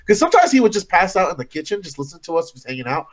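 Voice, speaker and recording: Quick-talking excitable male podcast host. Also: high voice. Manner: excited, swearing, storytelling. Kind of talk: casual late-night chat.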